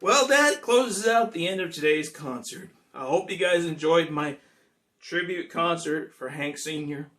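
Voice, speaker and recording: A man's voice: a little high, measured pace, recorded from a distance. A man who sings and plays guitar, chatting casually and rambling a little between songs. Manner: relaxed, rambling, homespun. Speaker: singer and guitarist. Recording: guitar playing behind.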